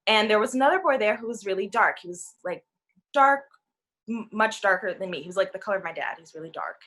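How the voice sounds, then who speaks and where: A woman's voice: mid-range voice, fast. A woman in her twenties on a talk panel, telling a personal story in a casual way and acting out the voices of the people in it. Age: 20s. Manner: animated, acts out quoted voices.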